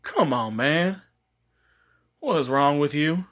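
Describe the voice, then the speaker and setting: A man's voice: fairly high pitch, animated, slow, a bit bright. A man casually telling a fan-fiction story, chatty, often laughing and coughing. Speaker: YouTube storyteller.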